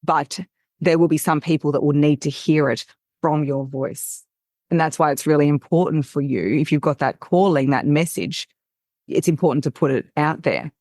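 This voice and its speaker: Expressive woman voice coach. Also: deep voice, moderate pace, no room sound, clean studio sound. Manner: expressive, teacherly, emphatic. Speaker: voice coach guest. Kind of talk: casual podcast chat.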